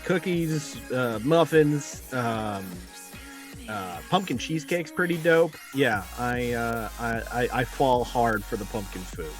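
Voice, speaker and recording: A man's voice: medium pitch, expressive, takes it slowly, soft background music. A man hosting a live art battle stream with jokey, announcer-style commentary, stretching words for effect.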